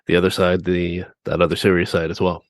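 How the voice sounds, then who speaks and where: A man with a low voice co-hosts a relaxed podcast chat. He mostly answers briefly in agreement and adds easy comments. The sound is dry and close. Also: a little fast, dry recording. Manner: short agreeing replies, relaxed. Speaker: podcast co-host. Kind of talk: casual chat.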